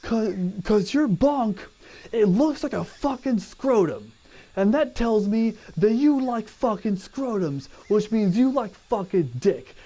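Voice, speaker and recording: A man voicing a harsh male army drill sergeant who barks crude insults, his pitch pushed well above his own. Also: animated, slow pace, dark tone, exaggerated voice. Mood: abusive barking. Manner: barking insults, crude, bullying.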